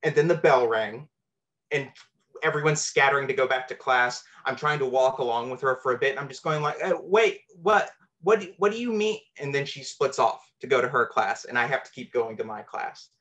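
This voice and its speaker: A man's voice: medium pitch, steady tone, fairly quick, pushed and bright, lo-fi sound. A man telling a true, personal story from his teenage years, earnest and candid with a self-deprecating edge.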